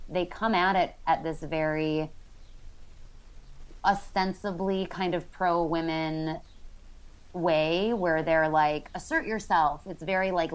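Low-voiced woman, rambling podcast chat. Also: clear, resonant tone, rough recording. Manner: rambling, filler-heavy. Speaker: podcast co-host. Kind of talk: casual discussion.

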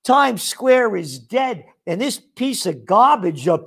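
A man's voice: sits high, very animated, takes it slowly, creaky, breathy edge. An older man, a trend forecaster, delivering a sarcastic, scornful ranting monologue full of name-calling.

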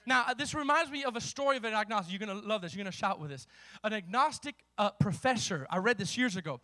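A man's voice: high voice, expressive, quick pace, bright, forceful tone, no room sound. A man preaching a sermon as pastor, with impassioned delivery and vivid storytelling.

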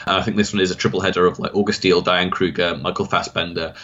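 A man's voice: low voice, fairly even intonation, quick pace, bright, forceful tone. A man co-hosting a casual film podcast, enthusiastic and full of trivia, often restarting his sentences. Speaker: podcast co-host. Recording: dull lo-fi audio.

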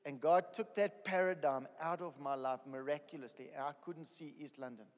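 A man from South Africa preaches his own story in a slightly higher voice, rising to loud excited bursts. His words ring out with a long reverb, as if he were in a large hall. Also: moderate pace. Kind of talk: sermon testimony.

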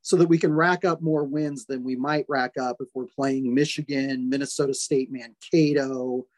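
Measured male podcast host, dry sound. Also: medium pitch, steady tone, no echo. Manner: measured, deliberate, emphasizes caveats. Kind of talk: casual sports chat.

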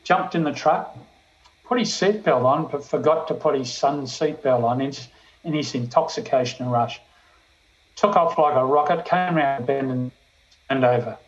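A man's voice: medium pitch, lo-fi sound. Older man telling a testimony. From Australia. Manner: storytelling, animated, slows for emphasis. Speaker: police chaplain. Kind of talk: sermon testimony.

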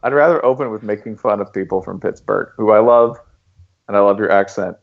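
A man's voice: on the low side, fairly quick, creaky, phone-quality sound. A man from Tennessee with a light Southern accent, hosting a podcast in casual chat and laughing often. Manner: laughs often, animated when joking. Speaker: podcast host.

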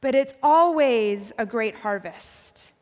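A woman pastor giving a conversational, reflective sermon, often dropping to a soft, quiet voice. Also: on the high side, expressive, slow. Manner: conversational, reflective preaching with soft drops in volume. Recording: long hall reverb.

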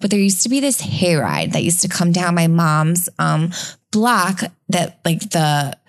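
Chatty woman with a lowish voice. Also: very animated, measured pace. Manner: chatty, rambling, many fillers. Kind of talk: casual storytelling chat.

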